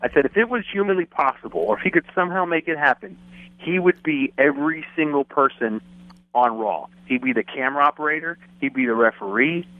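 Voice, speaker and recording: Man, podcast guest, animated storyteller, tinny phone line. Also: a little high, fairly quick, no echo. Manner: animated storyteller, acts out quotes. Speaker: guest, former wrestling announcer. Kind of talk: casual podcast chat, storytelling.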